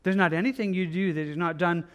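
A man's voice: sits high, quick pace, smooth, lo-fi sound. A man preaching a Bible study sermon in an easygoing, conversational way, often repeating himself and restarting his sentences. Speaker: pastor.

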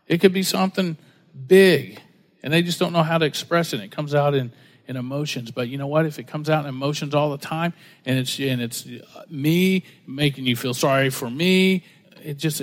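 A man preaching a sermon in a relaxed, joking storytelling way, slipping into other people's voices as he tells a story. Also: on the high side. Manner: conversational, jokey, acts out quoted voices. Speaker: pastor.

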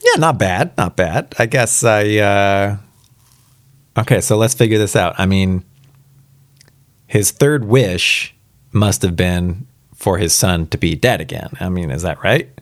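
A man's voice: fairly low pitch, a little slow, dry recording, studio quality. A man reading a spooky story aloud for the first time, casual and reacting aloud between passages. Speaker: reader.

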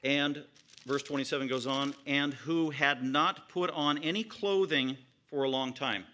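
A man preaching a verse-by-verse sermon, retelling the story vividly with piled-up phrases and sudden swings from quiet murmurs to high exclamations. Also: steady tone, unhurried. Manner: retells scripture vividly, piling up repeated phrases. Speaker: pastor. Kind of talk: expository sermon.

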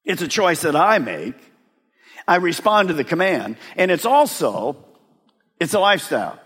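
A man preaching a sermon as pastor, emphatic, with dramatic pauses on key words. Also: sits high, a bit bright. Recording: reverberant hall.

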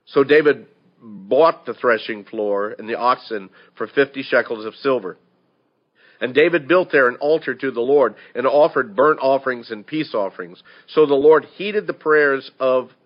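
Man preaching, loud then hushed. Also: mid-range voice, a little slow. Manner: swings from loud scripture reading to hushed, intimate asides. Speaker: pastor. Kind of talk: sermon. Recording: dull lo-fi podcast audio.

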